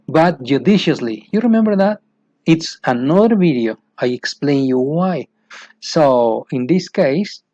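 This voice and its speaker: A man's voice: mid-range voice, warm tone, no echo. Mexican-accented man teaching, lo-fi. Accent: Mexican Spanish. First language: Spanish. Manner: repeats words for emphasis, asks rhetorical questions. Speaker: English teacher trainer. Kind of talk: explanatory teaching talk. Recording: dull lo-fi dry recording.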